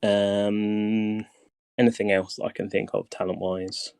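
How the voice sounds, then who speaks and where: A man's voice: fairly low pitch, level tone, measured pace, vocal fry, a little mellow, clean tone, no echo. A man hosting a casual voice-chat guide session, talking hesitantly with many ums, his voice tiring. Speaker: game guide host.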